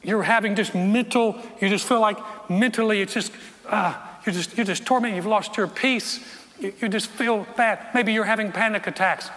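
A man preaching a sermon, his voice strained, speaking emphatically with repeated words and quiet, intense stretches. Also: high-pitched, steady tone, normal speed, big-room sound.

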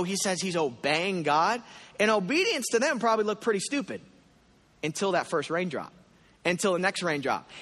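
A man preaching a sermon in a church, telling a story with animated asides and acted prayers. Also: sits high. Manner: animated storytelling, voicing his own prayers. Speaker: pastor. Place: church hall. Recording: long hall reverb.

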